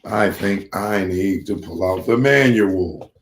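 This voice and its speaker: A man's voice: low-pitched, slow, slight background noise. A man hosting a live comedy stream, chatting casually while he tries out a gadget. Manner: casual, rambling, unpacks and tries out gadgets on camera. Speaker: comedian host. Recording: roomy echo.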